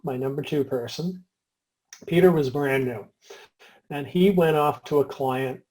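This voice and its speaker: A man's voice: mid-range voice, poor audio. A man telling a workplace story in a casual podcast chat, acting out the people he quotes. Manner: animated, acts out quoted speech.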